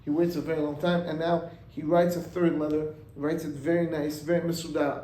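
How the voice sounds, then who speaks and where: A rabbi telling a story in a sermon, acting out its voices and mixing in Hebrew and Yiddish words. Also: male voice, a little high, fairly quick, few pauses, echoey room, a little hiss or hum, poor audio. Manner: animated, acts out the voices in the story.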